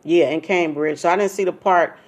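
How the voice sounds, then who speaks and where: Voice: medium pitch, a little fast, breathy edge. A middle-aged interviewer hosting a music show, easygoing and affirming, with casual slang.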